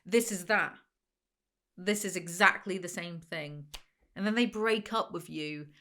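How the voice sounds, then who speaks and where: Woman, lowish voice, sardonic reaction-video host ranting with quick asides. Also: sharp tone. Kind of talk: casual chat to camera.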